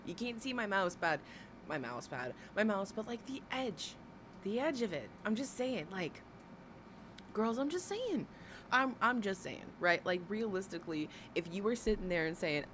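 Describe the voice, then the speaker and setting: A woman's voice: mid-range voice, sing-song, normal speed. A woman hosting a livestream, ranting and gossiping bluntly and sarcastically with lots of swearing. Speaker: livestream host. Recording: noisy background.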